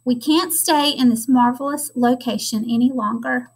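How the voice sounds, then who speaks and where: A woman's voice: high voice, moderate pace, slightly rough, low-quality recording. A woman reading the lines of a stately, long-winded father swan from a storybook, in a grand, lecturing manner. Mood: pompous.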